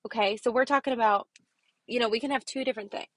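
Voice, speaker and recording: This kindergarten teacher speaks fast on her casual motivational podcast, her voice on the high side with fairly even intonation and no echo. Emphatic throughout, she repeats "okay?" to her listener and drops to a whisper for key points.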